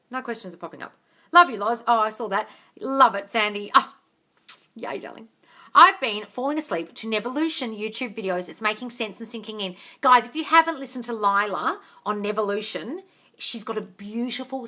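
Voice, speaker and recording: A woman coach answering live-stream comments, blunt and sweary, calling viewers darling. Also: mid-range voice. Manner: bursts into loud excited cheers.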